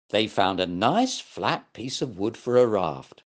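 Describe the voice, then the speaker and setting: An older man reading a children's story aloud as host, very expressive. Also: fairly low pitch, unhurried, hardly any pauses. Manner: warm, very expressive read-aloud delivery.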